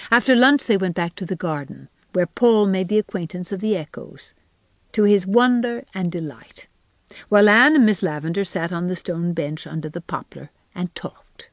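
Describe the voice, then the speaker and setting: A woman reading a classic novel aloud in measured, gentle storytelling. Her voice sits on the low side. The recording is close and dry. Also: no room sound. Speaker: audiobook narrator. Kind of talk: scripted narration.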